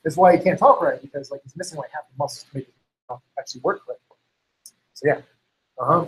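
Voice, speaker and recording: Fast and fairly high-pitched, with long pauses, a man rambles through casual conversation in a low-quality recording. Fillers like "like" and "you know" pile up, and he performs others' words in quotes.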